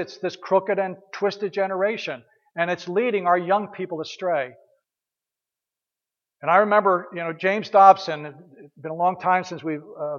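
High-voiced preacher in a reverberant hall. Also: male voice. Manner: conversational preaching with fillers and rhetorical questions. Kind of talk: sermon. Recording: dull lo-fi sound with long hall reverb.

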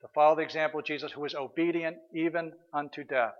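A man's voice: a little high, steady tone, quick pace, dull audio. A man preaching a sermon as pastor, earnest and questioning, sometimes hesitating and restarting.

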